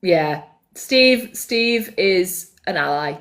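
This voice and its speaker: Woman co-host, playful and animated storyteller, very lively pitch. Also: extremely slow. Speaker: podcast co-host. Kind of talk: casual chat.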